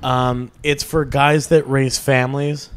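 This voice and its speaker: A man's voice: mid-range voice, slow, smooth. A man telling casual, profane stories on a podcast, rambling and acting out quotes with sudden bursts of energy. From small rural American town. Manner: rambling, heavy swearing, lively acted-out quotes.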